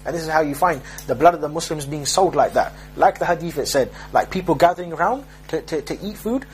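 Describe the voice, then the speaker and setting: A man's voice: a little high, animated, quick pace, a little hiss or hum, rough recording. A man preaching a sermon in an emphatic, street-style way, often restarting his sentences.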